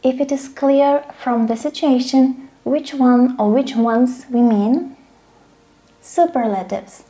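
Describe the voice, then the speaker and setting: A woman's voice: high voice, slow pace, mellow, soft background music. A woman giving a grammar lesson, speaking patiently and often checking in with "okay?" and "right?". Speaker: English teacher.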